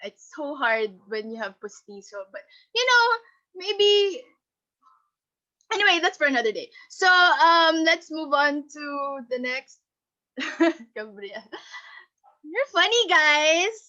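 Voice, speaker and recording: A Filipino woman teaching an online class, cheerful and animated, laughing often and mixing in Tagalog. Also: sits high, takes it slowly, long pauses. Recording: dull lo-fi call audio.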